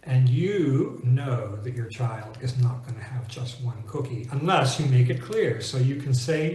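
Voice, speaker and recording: A man teaching English pronunciation in a clear, deliberate way, slowing down to stress example words. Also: medium pitch, expressive, dark tone, echoey room. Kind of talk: scripted teaching monologue.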